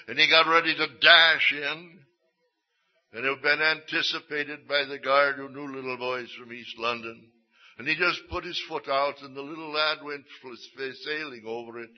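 Male preacher, mildly high pitch, storytelling sermon cadence, dull lo-fi recording. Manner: storytelling, drawn-out emphatic phrases, drops to a hush.

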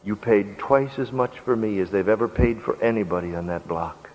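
A man voicing an embittered former slave woman who speaks softly and low. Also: moderate pace, close to an everyday voice, rough recording. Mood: disbelieving. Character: embittered freed slave woman, hardened, then tearful.

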